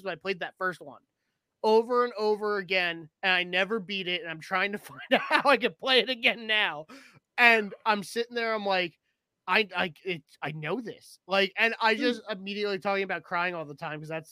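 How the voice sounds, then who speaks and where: A man co-hosting a casual chat, excitable and swearing freely as he acts out his own reactions. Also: sits high, dry recording. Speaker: podcast co-host.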